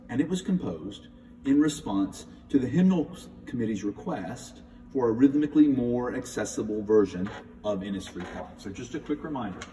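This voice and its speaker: A man's voice: on the low side, mellow, a little hiss or hum. A middle-aged man, a church music director, giving a conversational talk on hymns and reading the texts aloud with emphasis. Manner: thoughtful, conversational, reads hymn texts with emphasis. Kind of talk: spoken hymn talk with readings. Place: large church sanctuary. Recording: echoey church from a distance.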